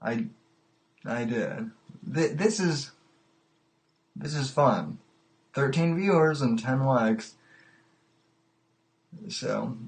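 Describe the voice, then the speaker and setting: A man hosting a live call-in podcast, chatting casually and amused, often stalling and repeating words as he goes. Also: mid-range voice. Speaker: podcast host taking calls. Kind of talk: casual live-stream chat.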